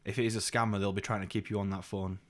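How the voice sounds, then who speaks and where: A young man co-hosting a podcast, swearing often and telling stories in a casual, animated way with mocking put-on voices. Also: lowish voice, very fast. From United Kingdom. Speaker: podcast co-host. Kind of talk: casual chat.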